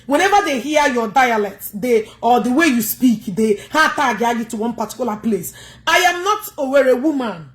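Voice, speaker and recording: A Nigerian woman with an Igbo accent rants combatively on a livestream. Her voice sits high, and she scolds her viewers head-on. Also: lively intonation, normal speed.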